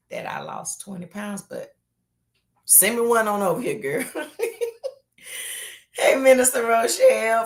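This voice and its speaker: Chatty woman pastor, lively livestream host. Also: medium pitch. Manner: animated, drawn-out emphasis, calls people baby. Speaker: pastor hosting an online Bible study. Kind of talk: casual livestream chat, reading comments.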